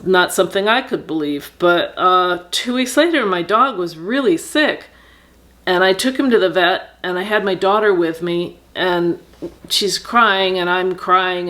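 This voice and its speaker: Middle-aged woman vlogging her own story, lowish voice, earnest, lots of ums and restarts. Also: a bit bright. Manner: earnest, reflective, halting with fillers and restarts. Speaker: vlogger telling personal story. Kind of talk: candid personal storytelling.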